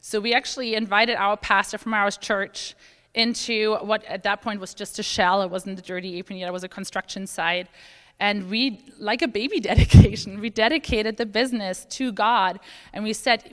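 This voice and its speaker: A woman in her thirties giving a conference talk, telling a personal story with lively acted-out quotes and frequent fillers. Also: mid-range voice, normal speed. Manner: animated storytelling, acts out quoted voices, many fillers. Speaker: conference speaker. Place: large conference hall. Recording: long hall reverb.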